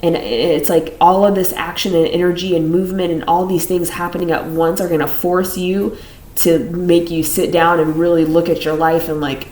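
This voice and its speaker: A woman's voice: fairly low pitch, level tone, moderate pace, darkish tone, slight background noise. Rambling woman tarot reader, roomy echo. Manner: rambling, repeats phrases, laughs between thoughts. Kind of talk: casual tarot reading to camera.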